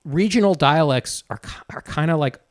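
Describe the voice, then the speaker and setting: A man's voice: a little high, moderate pace, no echo, clean studio sound. A man co-hosting a podcast, explaining his theories about films in a laid-back, casual way. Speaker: podcast co-host. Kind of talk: casual movie review chat.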